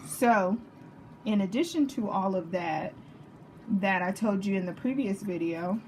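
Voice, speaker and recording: A woman's voice: medium pitch, lively intonation, unhurried, a little mellow, a little hiss or hum. A woman with a Texas accent talking through a home cooking demonstration, chatty and jokey, checking in with viewers as she goes. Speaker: home cook. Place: home kitchen.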